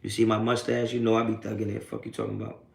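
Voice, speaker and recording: Man, sports stream host, gravelly voice, roomy echo, profane streetwise trash talk. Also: on the low side, little pitch movement, quick pace, a little hiss or hum. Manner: taunting, laughing off trolls. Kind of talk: live post-game reaction stream, reading chat.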